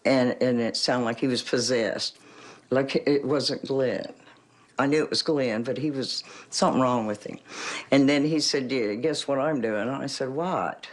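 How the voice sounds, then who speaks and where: A woman in an interview, recounting a frightening phone call in a halting, uneasy way. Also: extremely low pitch, steady tone. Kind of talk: interview recollection.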